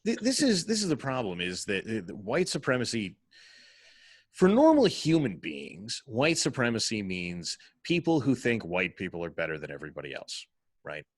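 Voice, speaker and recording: A man hosting a casual podcast chat, sarcastic and quick to laugh. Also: lowish voice, huge pitch swings, breathy edge, no echo.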